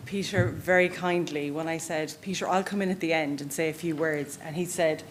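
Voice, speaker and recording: A woman speaks at a conference through a stage microphone. She talks fast in a lowish voice, chatty and self-deprecating, with faint room noise behind her. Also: fairly even intonation. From Ireland. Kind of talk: conference presentation.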